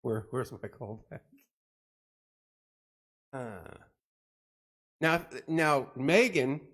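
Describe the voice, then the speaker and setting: Drawing out his words in a mid-range voice, a middle-aged man hosts a casual live chat. He jokes, rambles, tells stories with animation and welcomes viewers.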